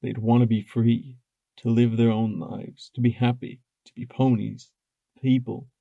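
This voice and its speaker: A man voicing a guilt-ridden young stallion pony who speaks quietly through sobs. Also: medium pitch, flat delivery, unhurried, creaky, dry recording, phone-quality sound. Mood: broken grief. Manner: quiet, whispering, sobbing.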